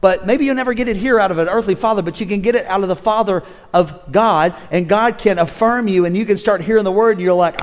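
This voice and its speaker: A fifty-something pastor preaching in a church hall, his fairly high voice trailing off into a long reverb. He swings from loud exhortation to hushed, chatty storytelling. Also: fast talker, few pauses, slight background noise. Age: 50s. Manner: animated preacher, shifts from shouting to quiet storytelling. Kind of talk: sermon.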